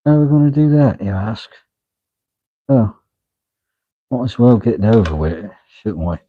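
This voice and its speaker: Husky and on the low side, the man's voice is very animated and moves at a moderate pace, with no echo around it. He's the host of a knife-making channel, working on a knife in his shop and playfully chatting to camera through a face mask, mumbling to himself as he works. The audio for this casual workshop vlog is dull and lo-fi.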